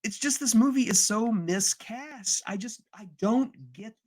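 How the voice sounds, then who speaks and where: A man co-hosting a podcast in casual, animated chat, exaggerating and slipping into mock voices. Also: sits high, measured pace. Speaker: podcast co-host.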